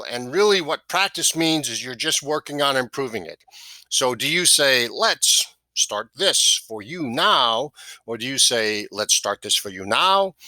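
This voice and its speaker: A man's voice: fairly high pitch, sharp tone, no echo. A man teaching a sales course, coaching step by step and checking in with "right?" and "okay?" as he goes. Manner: coaching, repeats key phrases, asks "right?" and "okay?". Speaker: sales trainer. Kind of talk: instructional talk to camera.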